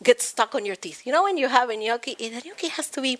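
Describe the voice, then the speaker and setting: Argentine woman, animated guest cook. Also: very fast. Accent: Argentine Spanish. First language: Spanish. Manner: animated, laughs often, lively pitch jumps. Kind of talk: casual chat.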